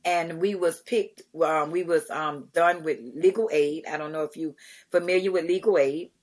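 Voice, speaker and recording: Animated middle-aged woman telling stories. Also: deep voice, moderate pace. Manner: animated storyteller, acts out quotes, laughs often. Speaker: guest, community charity founder. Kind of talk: storytelling in a podcast interview.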